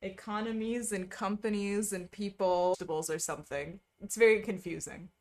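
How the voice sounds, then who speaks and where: A woman's voice: medium pitch, steady tone, moderate pace, a little mellow. A woman streaming casually, chatting with viewers while she stitches, full of wry asides and frequent laughter.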